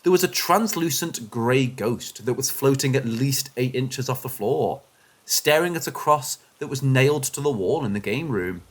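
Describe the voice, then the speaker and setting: Man narrating ghost stories, lively pitch. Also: moderate pace. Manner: expressive storytelling, shifting pitch with suspense. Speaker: story narrator. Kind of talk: scripted narration of paranormal stories.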